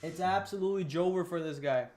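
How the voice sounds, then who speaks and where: A man's voice: high voice, fast talker, a little mellow, soft background music. A man hosting a livestream, chatting casually with viewers in a hyped, playful way. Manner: hyped, playful, talking to chat. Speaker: livestream host.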